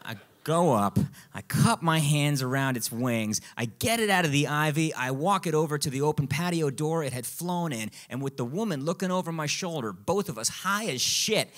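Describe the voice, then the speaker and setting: A man telling a comic personal story on a live stage, in an animated, self-mocking way. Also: a little high, moderate pace. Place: live performance venue.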